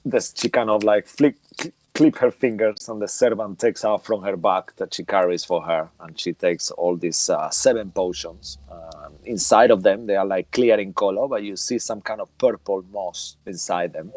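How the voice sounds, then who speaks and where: A man's voice: lowish voice, moderate pace, hardly any pauses, a little mellow, no room sound. A man running a tabletop game as game master, narrating with a hesitant manner and many fillers.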